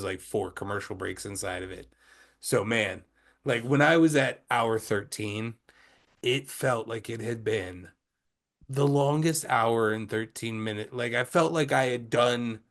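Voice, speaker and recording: A man co-hosting a casual movie podcast over a video call, hesitant and full of ums, stretching out words for emphasis. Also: on the low side. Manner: hesitant, many ums and restarts, drawn-out emphasis. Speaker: movie reaction podcast co-host.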